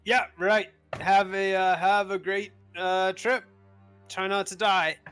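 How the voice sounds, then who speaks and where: Man doing a booming barrel-chested big guy. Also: level tone, slow pace, fairly bright tone, clear, resonant tone, soft background music. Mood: flustered. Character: big tall jovial male dog-sitter Rayvald.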